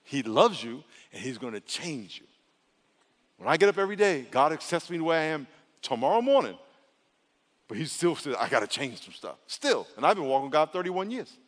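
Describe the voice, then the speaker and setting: A male pastor preaching an animated sermon in a church, calling on the congregation to answer back. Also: on the high side, fairly quick. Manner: animated, calls for congregation responses. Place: church sanctuary. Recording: long hall reverb.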